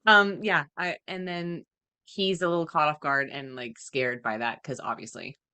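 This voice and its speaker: A woman's voice: sits low, steady tone, moderate pace, bright, forceful tone, smooth. A woman co-hosting a podcast in casual chat, rambling and giggling as she guesses her way through a plot. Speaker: podcast co-host.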